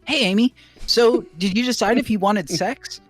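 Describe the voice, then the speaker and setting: A man's voice: sits high, moderate pace, fairly bright tone, no echo, soft background music, pitched above the performer's own voice. A man voicing a cocky teenage male hedgehog, talking bluntly in a comic fan story.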